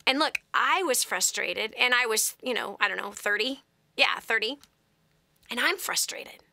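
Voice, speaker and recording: A woman's voice: on the high side, lively intonation, moderate pace, creaky, sharp tone, dry recording. A woman hosting a radio call-in advice show, telling stories with animation, laughing often and acting out voices. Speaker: host.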